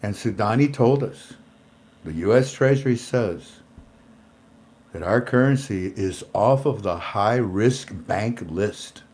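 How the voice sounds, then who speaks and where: A man hosting a casual commentary show, talking in an animated way, often repeating words and chuckling. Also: fairly low pitch, takes it slowly. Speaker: show host.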